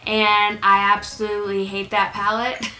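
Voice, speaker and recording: A woman's voice: mid-range voice, completely flat delivery, normal speed, pushed and bright. Chatty young woman vlogging in an echoey room. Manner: chatty, rambling, with fillers and self-corrections. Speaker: beauty YouTuber. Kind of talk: casual Q&A vlog. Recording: echoey room with music behind.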